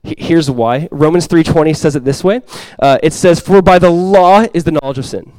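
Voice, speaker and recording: A slightly high-voiced pastor preaches at normal speed to a congregation in a church sanctuary, and the recording is dry. His impassioned delivery grows loud for quoted cries and then turns soft.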